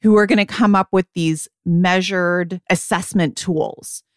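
Chatty woman with a smooth, dry voice. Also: on the low side, unhurried, dry recording. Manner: chatty, animated, quotes herself in asides. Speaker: podcast co-host, beauty editor. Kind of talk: casual chat.

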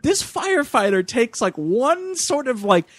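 A man chatting casually about a bad movie, animated, acting out scenes in quoted voices and swearing freely. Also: extremely high pitch, unhurried, dry recording. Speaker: podcast co-host. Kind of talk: casual chat reviewing a movie.

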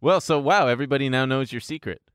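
A man's voice: mid-range voice, fast talker, clean tone, no room sound, studio quality. A man co-hosting a podcast in loose, profane, joking banter. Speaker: podcast co-host. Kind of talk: casual chat.

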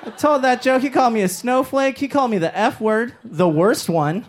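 High-voiced stand-up comedian from Los Angeles. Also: male voice, brisk, slight background noise. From Los Angeles, Inglewood. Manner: loud punchy delivery, big swings into shouted character voices. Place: comedy stage before a live audience. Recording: live stage mic, crowd laughter.

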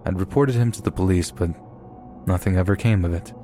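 A man giving a measured, scripted narration of reader-submitted true horror stories. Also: low-pitched. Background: soft background music.

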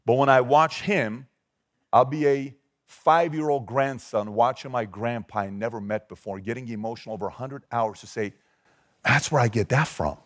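An emphatic man in his forties from Iran addresses a live audience as a motivational speaker. His pitch sits in the middle of the range and swings widely as he presses the crowd with rhetorical questions. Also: normal speed. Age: 40s.

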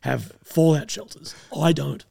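A man's voice: on the high side, measured pace, vocal fry, a little mellow, no room sound, studio quality. A young Australian man chatting casually as a co-host, rambling and hesitant with a sardonic edge. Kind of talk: casual chat.

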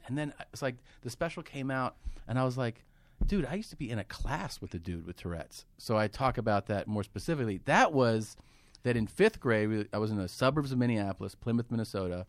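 A man in a podcast studio spins a story with easy energy, swearing often and breaking into laughter along the way. His voice sits at a middling pitch and is recorded close and dry, with almost no room sound. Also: dry recording. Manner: animated storyteller, swears freely, laughs while telling. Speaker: comedian guest. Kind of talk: casual storytelling conversation.

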